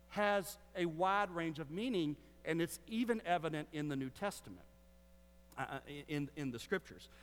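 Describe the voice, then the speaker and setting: A man's voice: a little high, a bit bright. A man preaching a sermon as a Baptist pastor, teaching with joking asides to the congregation. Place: church sanctuary. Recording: long hall reverb.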